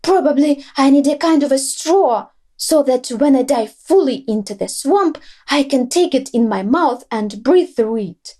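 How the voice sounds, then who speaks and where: A woman's voice: sits high, lively intonation, unhurried, hardly any pauses, mellow. A woman doing a mooing, distressed cow. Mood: worried pleading. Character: worried young female cow.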